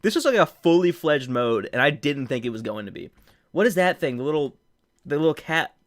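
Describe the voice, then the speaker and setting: A young man streaming live from home, reacting with loud excitement and laughter, with faint music behind. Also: a little high, brisk. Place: home room.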